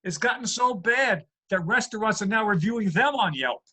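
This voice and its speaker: High-voiced New comic on a call. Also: male voice, lively intonation, moderate pace, bright, forceful tone, poor audio. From USA. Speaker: stand-up comedian. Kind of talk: stand-up routine. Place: home over video call. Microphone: computer mic on a video call.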